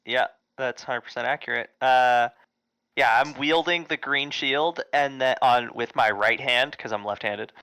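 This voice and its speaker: An easygoing man at a tabletop game, his voice bright and crisp with a smooth clarity. He talks loosely, slipping between plain chat and lines spoken in character. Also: mid-range voice, measured pace, rough recording. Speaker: player. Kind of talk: tabletop game role-play.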